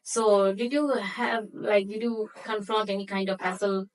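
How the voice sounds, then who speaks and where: A woman hosting an interview talks slowly through long, winding questions. She pauses often with "uh" while she searches for the right word, and her phrasing sounds unpracticed. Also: medium pitch, steady tone, rough recording. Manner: halting, searching for words, non-native phrasing. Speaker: interview host.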